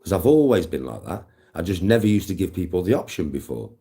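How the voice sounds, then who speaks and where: A man's voice: low-pitched, very animated, quick pace, dark tone, faint music behind. A man livestreaming to his chat, talking intensely and emphatically with a lot of swearing.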